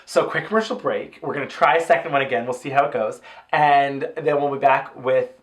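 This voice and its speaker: A man's voice: medium pitch, brisk. A man co-hosting a casual podcast, chiming in with short, dry, agreeable replies. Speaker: podcast co-host. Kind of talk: casual chat.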